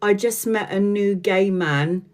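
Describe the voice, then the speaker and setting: A woman's voice: mid-range voice, slow, a little mellow. A woman doing a live tarot reading, chatting and often laughing while she talks, now and then stretching out phrases for emphasis. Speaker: tarot reader.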